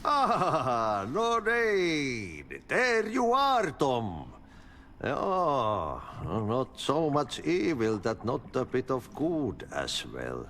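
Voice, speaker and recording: A chuckling Finnish janitor. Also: male voice, mid-range voice, wildly swooping pitch, extremely slow, a bit bright, a little hiss or hum, full character voice. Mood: cryptic cheerful. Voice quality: sing-song, chuckling, folksy sayings. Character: cheerful eccentric Finnish janitor, man, speaks in proverbs. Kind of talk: video game dialogue.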